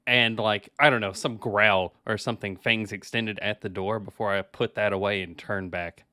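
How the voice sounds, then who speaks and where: Man, tabletop player, low bright voice, crisp and dry. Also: fairly even intonation, normal speed, dry recording. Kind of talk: describing his character's actions in a tabletop game.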